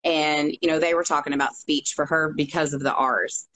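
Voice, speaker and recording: A woman in her thirties with a notably low voice, chatting freely and exclaiming often. Faint noise hums under the recording. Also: steady tone, normal speed, a bit bright, rough recording. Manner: chatty, exclaims, many fillers like "you know". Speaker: guest. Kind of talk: casual chat.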